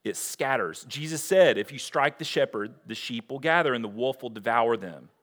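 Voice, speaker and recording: Preaching as pastor, this man speaks with an expressive, mid-range voice at a moderate pace. He's earnest and direct, asks rhetorical questions, and swings from forceful emphasis to hushed passages of scripture.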